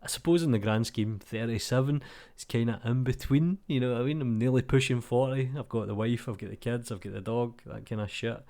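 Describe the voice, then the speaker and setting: A man's voice: medium pitch, fairly quick, dark tone. A Scottish man in his thirties with a Glasgow accent, chatting casually and bluntly, swearing freely and poking fun at himself while he plays a game. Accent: Glaswegian Scottish. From Scotland. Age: 30s. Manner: sweary, blunt and self-deprecating; playing a game while talking. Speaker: YouTube 3D tutorial creator. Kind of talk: casual rambling vlog chat.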